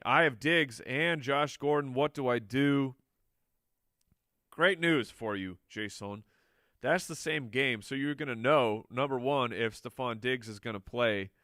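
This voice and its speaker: On a live show, a man who works as a fantasy football analyst fields viewer questions in a casual Q&A, playfully joking with the crew and laughing a lot. His mid-range voice has a fairly bright tone, captured in a dry, clean studio recording.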